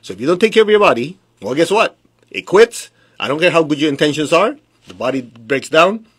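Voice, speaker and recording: A man's voice: on the high side, brisk, husky. A man, a spiritual teacher, giving a conversational motivational talk on a phone livestream, with rhetorical questions and direct address to the audience. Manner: calm guided affirmations. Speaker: spiritual teacher leading a meditation.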